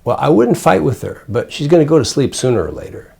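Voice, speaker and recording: An older man, a child psychiatrist, calmly explaining parenting techniques to a parent in plain, conversational teaching. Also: mid-range voice, quick pace, gravelly, slightly rough. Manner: calm, explanatory, plain-spoken. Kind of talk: conversational teaching with role-play examples.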